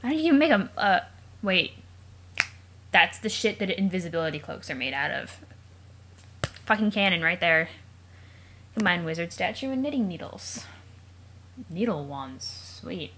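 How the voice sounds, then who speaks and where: A woman's voice: fairly low pitch, sing-song, moderate pace, long pauses, bright, forceful tone, a little hiss or hum. A woman hosting a let's play, reading a webcomic aloud and breaking off into chatty, joking asides and questions she wonders about aloud. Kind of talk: casual read-aloud with commentary.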